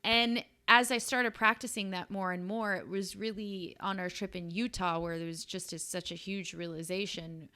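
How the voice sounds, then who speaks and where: A woman's voice: medium pitch, fairly even intonation, moderate pace, hardly any pauses, pushed and bright, clean tone. A woman co-hosting a podcast, telling a personal story in a casual, earnest and emotional way. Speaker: podcast co-host. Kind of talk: casual chat.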